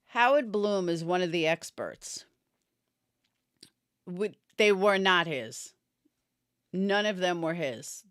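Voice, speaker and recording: A woman's voice: lowish voice, clear, resonant tone, no room sound, studio quality. A woman giving opinionated casual commentary on a true crime case, answering viewers by name and yawning as she talks. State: yawning, tired. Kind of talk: casual live-stream commentary.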